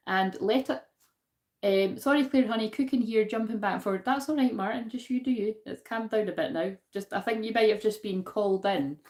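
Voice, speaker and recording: A woman with a Glaswegian accent hosting a spiritual card-reading live stream in a chatty, self-deprecating way, laughing often and talking back to her viewers. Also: mid-range voice. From Scotland. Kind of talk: casual live-stream chat with verse reading.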